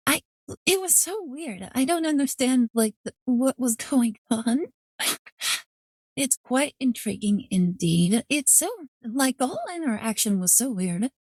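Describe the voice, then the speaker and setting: A woman streaming a game, chatting casually in an excitable, rambling way full of fillers. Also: fairly high pitch, measured pace, slightly rough, no echo.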